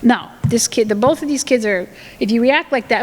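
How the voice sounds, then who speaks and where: A woman's voice: a little high, a little fast, darkish tone, long reverb tail, low-quality recording. A woman giving a talk on family communication in a conversational way, acting out what parents and children say. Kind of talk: presentation with acted examples.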